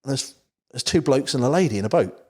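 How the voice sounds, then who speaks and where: Speaking quickly and animatedly, this man has a medium-pitched voice that's mellow and husky. He's from the Isle of Wight in England, a podcast guest spinning a long, rambling, casual story peppered with "you know."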